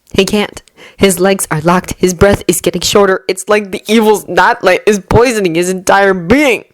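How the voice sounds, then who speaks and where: A woman narrating a fanfiction audiobook with steady, measured storytelling. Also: medium pitch, no room sound. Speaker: fanfiction reader.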